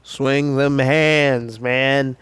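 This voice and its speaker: A man's voice: mid-range voice, fairly even intonation, very slow, fairly bright tone, clean tone, no room sound. A man voicing a hot-headed, cocky teenage boy who taunts and swears in slangy talk. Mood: taunting.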